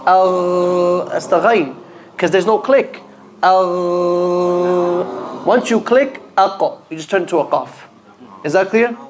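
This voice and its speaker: A man's voice: sits high, expressive, normal speed. A man teaching a class how to pronounce letters for Qur'an reading, patiently repeating each sound and quizzing his students. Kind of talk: classroom lesson on letter pronunciation. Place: mosque classroom.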